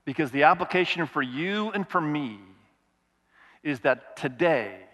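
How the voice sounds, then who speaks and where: A man's voice: on the high side, expressive, measured pace, sharp tone, long reverb tail. A male pastor preaching a sermon, reading scripture aloud and asking the congregation questions as he goes.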